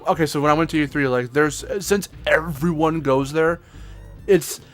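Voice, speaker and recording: A man's voice: a little high, fairly even intonation, normal speed, soft background music. Rambling young man, casual chat. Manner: rambling, swears, laughs often. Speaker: co-host.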